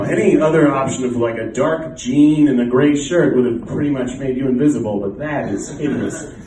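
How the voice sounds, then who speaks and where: A man's voice: mid-range voice, normal speed, dark tone. An American man performing a stand-up comedy set in a club, telling stories in a dry, self-deprecating way. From United States. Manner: dry, self-deprecating storytelling with quoted exchanges. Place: comedy club in front of a live audience. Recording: roomy club sound from a distant mic.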